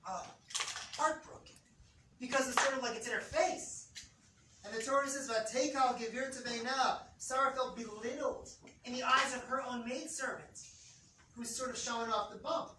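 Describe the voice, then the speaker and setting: Lively Torah teacher, questions the room, acts out scenes; recorded far off with loud background noise. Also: male voice, very high voice, normal speed. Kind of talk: animated Torah class. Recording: echoey room, distant mic, background noise.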